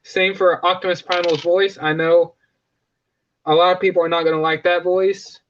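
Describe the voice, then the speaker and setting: A man's voice: high-pitched, flat delivery, moderate pace, fairly bright tone. Rambling casual man on a lo-fi stream. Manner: rambling, self-correcting, joking. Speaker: live stream host. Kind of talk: casual live stream chat.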